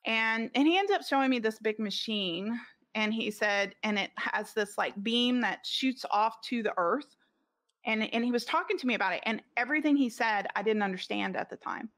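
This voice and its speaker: A woman's voice: fairly high pitch, moderate pace, fairly bright tone. A middle-aged woman, a podcast guest, telling a story in casual conversation, rambling with lots of "like" fillers and restarts.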